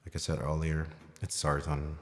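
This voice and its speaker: A man's voice: rumbling low, normal speed, big-room sound. A man giving a casual livestream piano lesson at home late at night, rambling and thinking aloud with lots of fillers. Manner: self-described as loud when excited. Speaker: piano teacher streaming live. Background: piano playing.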